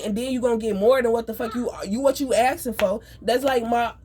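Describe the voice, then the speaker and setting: A woman venting in an angry, profane, rapid rant. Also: a little high, steady tone, darkish tone, slight background noise. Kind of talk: emotional venting monologue.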